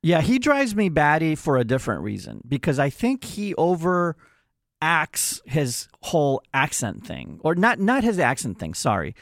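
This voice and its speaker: A man hosting a sports talk show, giving his opinions in a measured way and thinking aloud. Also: fairly high pitch, huge pitch swings, gravelly, dry recording, clean studio sound. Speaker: sports radio host. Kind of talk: casual sports talk chat.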